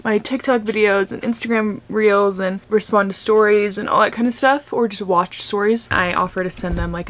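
A woman's voice: medium pitch, a bit bright. Chatty young woman gushing over products. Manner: gushing, chatty, many fillers. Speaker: vlogger. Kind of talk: casual vlog, makeup and unboxing chat. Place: at home.

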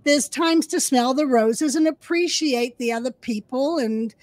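A woman co-hosting an interview show, telling stories in a chatty, animated way. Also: high voice, a little slow, no echo. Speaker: podcast co-host. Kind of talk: casual storytelling chat.

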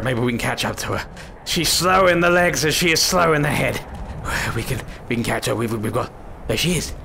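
A man's voice: medium pitch, vocal fry, pushed and bright, slight background noise. A man giving comedic let's-play commentary, scolding and fussing over an in-game companion in an exasperated way. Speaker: gaming YouTuber.

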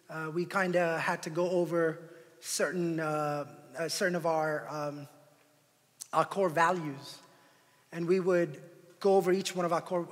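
A male pastor preaches with a high, bright, forceful voice, swinging from quiet explanation to fervent, near-shouted appeals and acting out what people say. His sound carries the long reverb of a church hall. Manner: builds to impassioned near-shouting, acts out quoted voices. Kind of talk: sermon. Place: church sanctuary.

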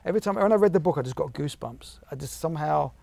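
A man's voice: on the high side, animated, rapid-fire, vocal fry, a little mellow. A man in his forties with an English accent, talking casually as an interview guest, restarting and repeating himself often. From England. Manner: chatty, many restarts and repeats. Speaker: guest actor and writer.

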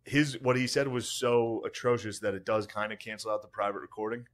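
A man co-hosting a podcast, riffing in a laid-back, deadpan way. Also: lowish voice, brisk. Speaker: podcast co-host. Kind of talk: casual chat.

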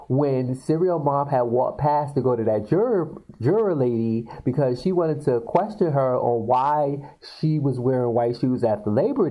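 A man casually retelling film scenes to viewers on his video channel, talking in an animated way with many fillers. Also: mid-range voice, poor audio. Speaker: video blogger. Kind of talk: casual storytelling.

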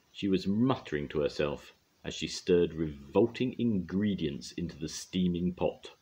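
An older man gently and expressively reading a children's story aloud. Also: very deep voice, slightly rough. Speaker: storyteller grandad.

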